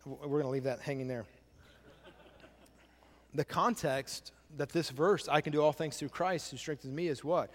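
A man's voice: a little high, fairly even intonation, moderate pace, pauses often, long reverb tail. A male pastor giving a sermon, repeating key phrases and asking the congregation questions. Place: church sanctuary.

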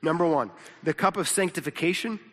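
A man's voice: on the high side, a little fast, a bit bright. A pastor teaching a sermon in a casual, conversational way, often repeating words and checking in with his listeners. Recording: long reverb of a large hall.

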